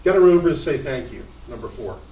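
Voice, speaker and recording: A middle-aged male pastor delivering a sermon, telling stories in an animated, emphatic way with sudden jumps in pitch. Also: fast talker. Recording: roomy sound from a distant mic.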